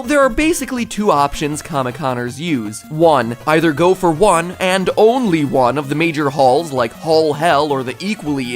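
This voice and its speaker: Scripted comedic explainer host, sarcastic asides, self-mocking, mid-pitched voice, soft music underneath. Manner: lively, jumps in pitch for emphasis.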